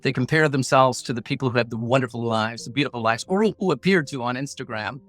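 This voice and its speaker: Talking quickly in a mid-range, fairly bright voice, a middle-aged negotiation coach tells a personal story as a podcast guest while soft music plays underneath. He's blunt, plain-spoken, and earnest, with a punchy motivational style that includes acting out his inner voices.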